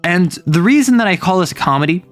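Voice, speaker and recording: A man's voice: high-pitched, fast talker, soft background music. A man livestreaming in a casual chat, retelling a manga plot with jokes and playful asides. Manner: animated, joking, with playful asides.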